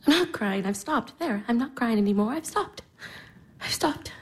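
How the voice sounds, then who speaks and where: A woman's voice: a little high, expressive, moderate pace, husky. An actress playing a despairing young woman in her twenties in a classic stage drama, her anguished lines often breaking into whispers. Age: 20s.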